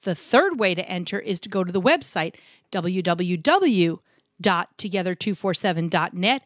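With a fairly low, expressive voice at a moderate pace, a woman co-hosts a podcast focused on couples in business. The clean studio sound from her Arizona home studio carries no room sound. Her casual chat is self-deprecating and chatty, full of jokes as she introduces guests.

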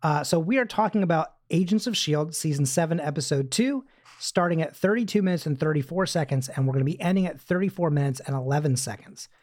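A podcast host chatting casually while recapping a TV episode for co-hosts, with quick asides and frequent fillers. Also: mid-range voice, darkish tone, dry recording.

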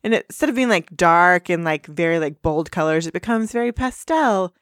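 Bubbly female recap host, animated delivery, dead-dry sound. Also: fairly quick, no room sound. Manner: bubbly, puts on squeaky high voices for quotes. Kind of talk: casual recap chat.

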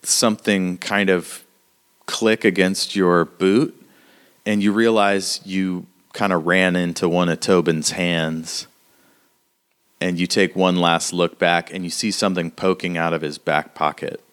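A man narrating a tabletop role-playing game as game master, halting with many fillers. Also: deep voice, little pitch movement, a bit bright, clean tone.

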